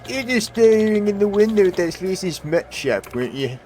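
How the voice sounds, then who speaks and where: A man's voice: high-pitched, expressive, moderate pace, a little mellow, soft background music, pitched above the performer's own voice. A man voicing a mocking, blackmailing young male street thug in a video game. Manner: mocking, taunting.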